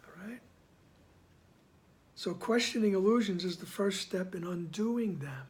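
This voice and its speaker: A man giving reflective commentary on a spiritual text. He speaks softly, often slips into a whisper, and keeps checking in with "right?". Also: high-pitched, lively intonation. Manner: soft-spoken, often dropping to a whisper; unhurried, checks in with "right?" after each point. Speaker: spiritual study reader and commentator.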